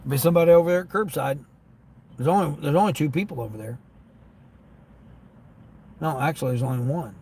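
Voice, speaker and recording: A man's voice: on the high side, brisk, long pauses, mellow, a little hiss or hum. A man livestreaming while driving for delivery apps, chatting casually and complaining about customers who don't tip. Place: in a car.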